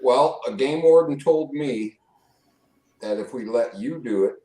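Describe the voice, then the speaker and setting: A man's voice: medium pitch, measured pace, dark tone, slight background noise, low-quality recording. A man hosting a casual chat who talks in an easygoing way and laughs often. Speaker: host.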